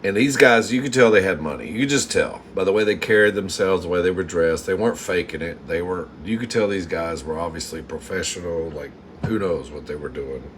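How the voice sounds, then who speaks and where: Live-stream host, campy man, lowish voice, faint room hum behind. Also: a little fast. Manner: animated, campy, laughs often, mimics customers. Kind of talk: casual storytelling to live chat. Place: home kitchen.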